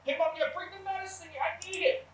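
A man voicing a young online gamer who frantically yells off mic for his mom. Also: very high-pitched, fairly even intonation, fast, reverberant, slight background noise, voice pushed up. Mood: frantic. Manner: yelling, frantic.

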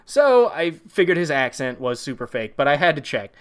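A man's voice: on the high side, very animated, normal speed, clean tone. A man hosting a podcast, riffing sarcastically on a movie in a rambling, profane way. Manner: sarcastic, rambling, swears freely. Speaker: podcast host.

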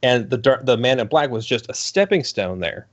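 A man's voice: mid-range voice, animated, normal speed. A man in casual podcast chat, ranting animatedly and swearing, slipping into mocking voices. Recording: dull lo-fi sound.

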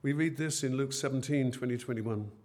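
A man's voice: mid-range voice, brisk, darkish tone. A man preaching a sermon in church. He retells the scenes as everyday conversations.

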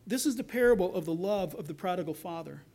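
A man with a notably high-pitched voice delivers a sermon. He talks animatedly, acting out quoted lines from the story with rising intensity before returning to explanation. The delivery feels like live preaching to a congregation. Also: expressive, fast, dark tone. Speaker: pastor.

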